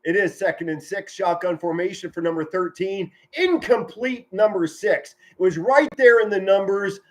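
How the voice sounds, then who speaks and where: A man doing energetic home-made play-by-play commentary on a football game, chatty with folksy asides. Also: high-pitched, moderate pace. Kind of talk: live-streamed play-by-play commentary. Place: home, indoors.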